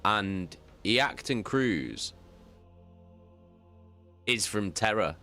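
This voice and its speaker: A man with a very low, bright and forceful voice chats casually with his live audience. He is animated, swears freely and often repeats himself. Soft music plays faintly behind him. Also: extremely slow. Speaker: audiobook reader and streamer. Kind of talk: casual chat with live viewers.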